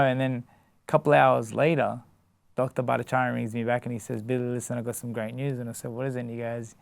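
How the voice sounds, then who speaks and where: This clip features a male Australian boxer being interviewed, his medium-pitched voice flat and touched with vocal fry. His casual speech is halting, full of restarts and fillers like "you know" and "like," and there's no room sound.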